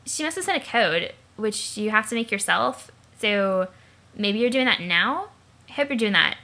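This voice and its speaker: Casting: a woman doing a tipsy chatterbox teen girl, loud, slangy, swearing, bright voice. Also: medium pitch, expressive, moderate pace. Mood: chatty.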